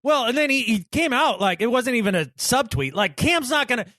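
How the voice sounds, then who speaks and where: High-voiced guy on a sports podcast, sarcastic and emphatic, pretty dry sound. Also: very animated, a little fast, bright, forceful tone, no echo. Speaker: podcast co-host. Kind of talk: casual sports chat.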